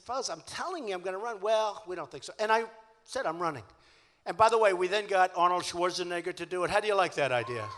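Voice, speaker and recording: A man's voice: high-pitched, bright, forceful tone. Boastful older man at a rally. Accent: New York. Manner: boastful, repetitive, conversational. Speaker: campaign rally speaker. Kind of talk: political rally speech. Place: large civic hall. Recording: echoey hall.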